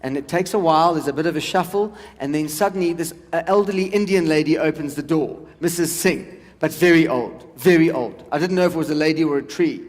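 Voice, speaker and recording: A man in his forties doing stand-up, his voice pitched notably high for a man. He chats loosely with the crowd, and his words ring out with a long echo across a large hall. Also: a little fast. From South Africa. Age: 40s. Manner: chatty crowd work with the audience. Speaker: stand-up comedian. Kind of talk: stand-up comedy. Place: large event hall with a live audience.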